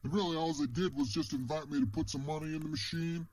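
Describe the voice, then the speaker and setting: A man's voice: on the high side, fairly even intonation, fast talker, darkish tone, low-quality recording. A man telling a story casually in the first person, rambling and ending many phrases with "man".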